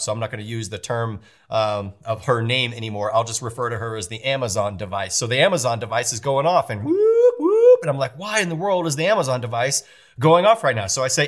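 A man in his thirties, a pastor telling a family story in a sermon, animated and acting out the voices of his wife and kids. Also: medium pitch, fairly quick. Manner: animated, acts out family dialogue with playful voices.

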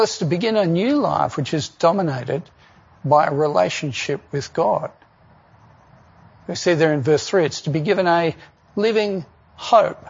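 A man's voice: fairly high pitch, gravelly, husky, highs cut off. A man preaching a sermon in an earnest way, often asking the listeners rhetorical questions.

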